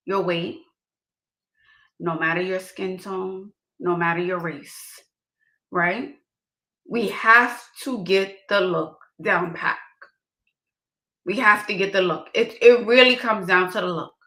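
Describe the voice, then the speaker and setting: A woman's voice: mid-range voice, takes it slowly, vocal fry, pauses often, bright, forceful tone. A woman giving casual dating advice to her viewers, emphatic and repeating her key points. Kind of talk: casual direct-to-camera advice. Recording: roomy echo.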